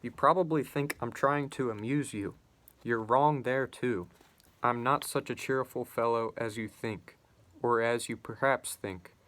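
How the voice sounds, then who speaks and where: A man's voice: mid-range voice, a little slow, a bit bright, lightly acted. Man reading as a bitter spiteful forty-year-old. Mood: bitter, sardonic. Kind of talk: reading a novel aloud.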